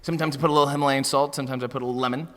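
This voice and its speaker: Bright-toned deadpan Canadian man. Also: mid-range voice, racing. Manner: deadpan, mock-serious wit. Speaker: guest, professional wrestler. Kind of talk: comedic interview banter. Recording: roomy reverb.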